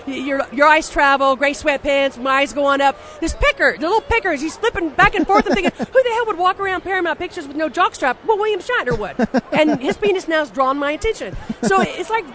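A woman guest in an interview, telling blunt, animated stories in a casual way with frequent restarts and some swearing. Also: high-pitched. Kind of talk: casual anecdotal storytelling.

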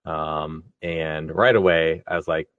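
A man's voice: rumbling low, fairly even intonation, takes it slowly, no room sound, narrow, tinny audio. A man telling a story in a casual podcast chat, laid-back and laughing as he goes. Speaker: podcast co-host.

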